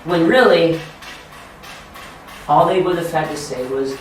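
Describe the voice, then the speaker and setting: An American man giving an informal teacher training talk, animated and laughing as he acts out quotes. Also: fairly high pitch, measured pace, noisy background. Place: training room. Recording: echoey room, mic far off.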